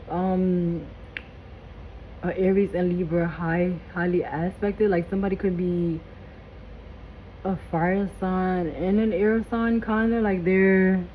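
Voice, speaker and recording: A woman's voice: mid-range voice, phone-quality sound, slight background noise. Hyped slangy woman giving a spiritual reading. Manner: hyped, blunt, swears freely, slangy. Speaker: tarot reader. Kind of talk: casual spiritual reading vlog.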